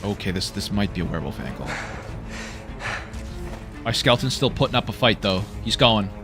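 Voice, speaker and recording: A Canadian man giving casual, excitable commentary while streaming a video game, reacting aloud and swearing freely. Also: lowish voice, fairly quick, over music.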